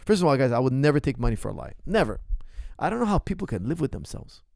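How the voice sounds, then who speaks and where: Heated, indignant male coach with lively pitch. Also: quick pace, gravelly, no echo, clean studio sound. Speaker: MMA coach and podcast host. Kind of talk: casual Q&A podcast rant.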